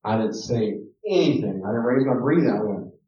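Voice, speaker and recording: A man's voice: mid-range voice, expressive, normal speed, dark tone. A middle-aged man teaching a parenting class, telling stories about raising his son and repeating words for emphasis. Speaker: teacher giving a parenting talk. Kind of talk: lecture with personal stories. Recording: roomy and distant, dull archive recording.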